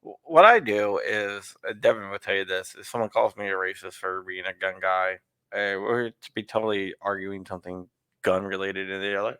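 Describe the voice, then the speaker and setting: A man with a lowish voice and a crisp, forceful edge hosts a casual live chat. He rambles and restarts his sentences and laughs as he talks. The sound is close and dry, with no room around it. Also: moderate pace, no room sound. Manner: rambling, restarts often, laughs while talking. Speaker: host. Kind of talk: casual live-stream interview.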